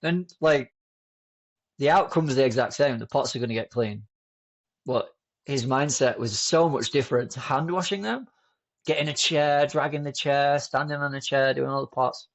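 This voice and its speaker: Gravelly man telling stories. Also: medium pitch, normal speed, highs cut off. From United Kingdom. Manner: relaxed, rambling, with many fillers and restarts. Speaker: podcast guest. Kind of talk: casual conversational storytelling.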